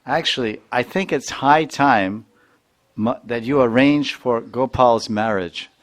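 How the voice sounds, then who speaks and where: A man's voice: medium pitch, slow pace, close to an everyday voice. A man voicing a sly, all-knowing woman servant who teases with a joking suggestion. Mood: teasing. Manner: teasing, joking.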